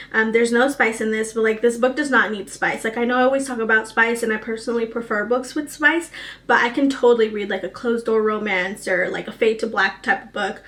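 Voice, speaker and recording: A woman's voice: on the high side, a bit bright. A young woman casually chatting about books she read, emotional and gushing, full of fillers. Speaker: book vlogger. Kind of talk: casual book review chat.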